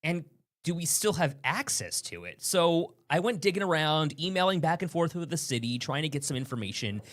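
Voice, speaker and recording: A young woman from downstate New York co-hosts a casual morning TV show. She talks in a chatty way, laughs easily and reads viewer comments with a lively, swinging pitch. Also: moderate pace. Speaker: TV news co-host and reporter.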